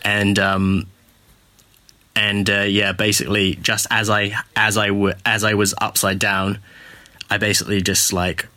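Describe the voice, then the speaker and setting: A man's voice: on the low side, flat delivery, unhurried, bright, forceful tone, dry recording. A man telling an embarrassing story in a voice message, hesitant and full of restarts. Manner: hesitant, lots of ums and restarts, laughing. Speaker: listener sending a voice message. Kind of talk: rambling anecdote.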